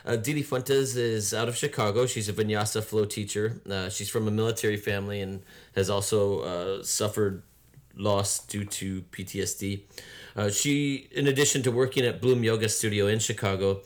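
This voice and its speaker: Male podcast co-host, low voice, hesitant and chuckling. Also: moderate pace. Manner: laughing, hesitant, lots of filler "uh"s. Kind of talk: casual podcast chat.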